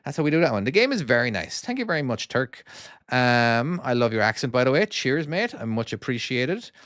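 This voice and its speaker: An Irish former truck driver with a Cork accent streams a trucking game, rambling casually to viewers, reading chat, restarting sentences and asking "all right?" His medium-pitched voice is very animated, a little fast and fairly bright, recorded with clean studio sound and no echo.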